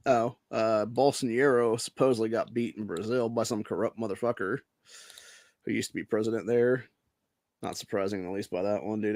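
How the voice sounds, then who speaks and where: A man's voice: medium pitch, a little mellow, dry recording. Profane, brash male podcast host. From Ohio. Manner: profane, brash, says dude a lot. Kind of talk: casual news commentary.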